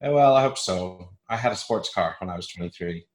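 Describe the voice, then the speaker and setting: A man's voice: low voice, lively intonation, fairly quick. A man in his fifties with a mixed transatlantic accent, chatting playfully and self-deprecatingly as an interview guest, often restarting his sentences. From Canada. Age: 50s. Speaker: guest speaker. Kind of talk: casual interview chat.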